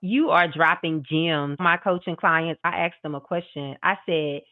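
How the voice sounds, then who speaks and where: A woman's voice: deep voice, unhurried, phone-quality sound. A woman podcast host and coach, affirming her guest and asking reflective questions. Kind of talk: interview conversation.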